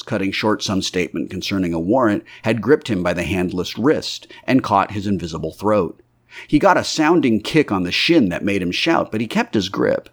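A man reading a classic novel aloud as an audiobook narrator, telling it in a vivid way. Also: fairly low pitch. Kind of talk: scripted narration.

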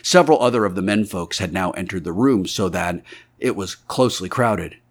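A man's voice: low voice, lively intonation, moderate pace, breathy edge. A man reading a classic novel aloud as an audiobook narrator, telling it in a vivid way. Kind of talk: scripted narration.

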